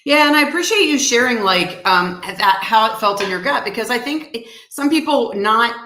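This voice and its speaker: A woman's voice: fairly high pitch, expressive, normal speed, pushed and bright, reverberant. A woman hosting a live online interview, affirming her guest with enthusiastic reactions. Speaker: interview host.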